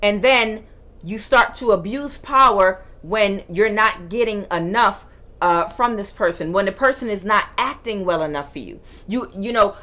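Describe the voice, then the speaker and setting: A woman reading tarot cards in a forceful, emphatic way that can sound like yelling, repeating her phrases for emphasis. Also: medium pitch, moderate pace. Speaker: tarot reader.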